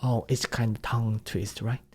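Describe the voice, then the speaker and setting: A young Korean man teaching his native language in English with a Korean accent, drilling phrases at fast speed and insisting on serious practice. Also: on the low side, steady tone, a little mellow, breathy edge. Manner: drills phrases in rapid repetitions, earnest and insistent. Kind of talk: online language lesson.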